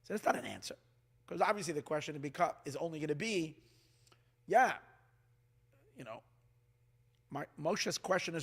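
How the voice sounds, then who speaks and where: A man preaching as a rabbi, his voice high and bright. He swings widely in pitch, and he often restarts his sentences as he works through his points. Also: moderate pace, long pauses, slightly rough. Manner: animated, restarts often, acts out quoted dialogue. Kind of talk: sermon.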